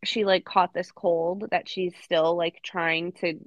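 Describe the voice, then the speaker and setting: A woman's voice: on the low side, level tone, slow, no echo. A young woman co-hosting a casual podcast, blunt and profane, with mock outrage. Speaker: podcast co-host. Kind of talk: casual chat.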